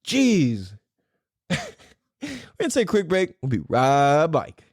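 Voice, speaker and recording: A man hosting a podcast, ranting casually with a profane, rambling, animated delivery. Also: a little high, slow, no room sound, studio quality. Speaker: podcast host.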